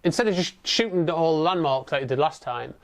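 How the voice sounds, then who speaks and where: A man's voice: fairly high pitch, lively intonation, a little fast. A man ranting through a film review, sweary and sarcastic. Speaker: movie reviewer.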